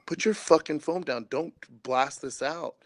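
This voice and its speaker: A man's voice: fairly high pitch, measured pace, no room sound, pitched above the performer's own voice, lightly acted. A man doing an impression of a blunt, angry male host who swears and cuts people off. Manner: curt, swearing, exasperated.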